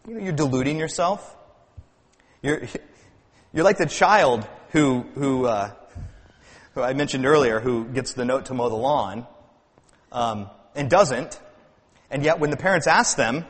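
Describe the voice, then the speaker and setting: A man's voice: medium pitch, moderate pace, in a large hall. A man preaching a sermon as pastor, earnest, with rising and falling emphasis and frequent repeated words.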